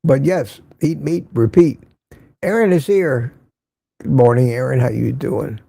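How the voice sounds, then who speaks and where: Gravelly older man hosting a livestream. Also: medium pitch, measured pace, dark tone, dry recording, clean studio sound. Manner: greets viewers by name, reads chat aloud. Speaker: livestream host. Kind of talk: casual morning livestream chat.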